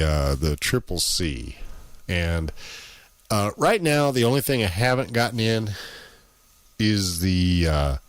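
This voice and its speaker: A man's voice: lowish voice, no room sound. A man who operates an amateur radio station, talking through a gear demo in a boastful, crude and folksy way into a close studio microphone.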